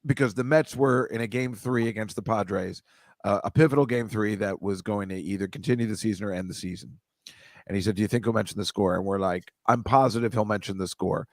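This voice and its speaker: A man's voice: lowish voice, a little fast, dry recording. Rambling, dry-sounding man chatting to viewers. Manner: rambling, self-interrupting, joking asides. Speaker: host reading viewer comments. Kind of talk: casual live-stream chat.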